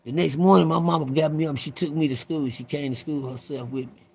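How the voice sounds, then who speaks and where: A man's voice: fairly high pitch, fairly even intonation, fast talker, creaky, mellow, breathy edge. A man in his fifties telling a personal story in a rambling, profane way, talking straight to his listeners. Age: 50s.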